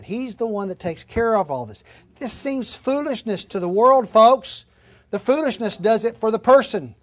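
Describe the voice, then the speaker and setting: A man preaching a sermon in an earnest, emphatic way, repeating his key phrases. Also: high-pitched. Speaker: pastor.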